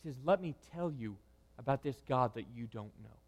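A man preaching a sermon, moving between loud, emphatic lines and hushed, quiet ones. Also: mid-range voice, lively intonation, moderate pace. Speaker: pastor.

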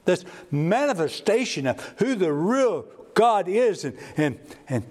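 Male pastor, sermon delivery, slow pace, storyteller with sudden lifts in pitch. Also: sing-song, darkish tone. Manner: storytelling preacher, repeats words, sudden rises in pitch.

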